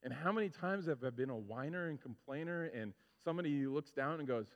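A male pastor preaching a sermon, telling stories with lively, animated delivery and acting out his own frustrations. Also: fairly high pitch, fairly quick, few pauses. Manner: animated storytelling, acts out his own complaints. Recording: muffled sound with long hall reverb.

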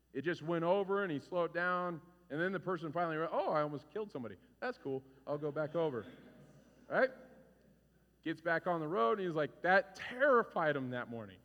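Man preaching a sermon, high voice, swinging lively intonation, pastor in his forties, echoing hall. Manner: animated storytelling, acting out voices and shouts. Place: church hall. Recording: reverberant hall.

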